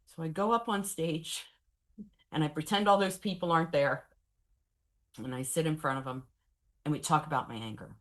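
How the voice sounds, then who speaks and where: Leading a professional training on traumatic grief, this woman in her 40s has a low voice and a frank, lively delivery laced with wry humor. She moves at a moderate pace and pauses often.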